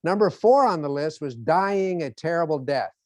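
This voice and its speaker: A man's voice: on the high side, normal speed, no room sound. A man giving a motivational lecture, telling stories and acting out the scenes as he goes. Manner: animated storytelling, acts out scenes. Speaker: motivational speaker.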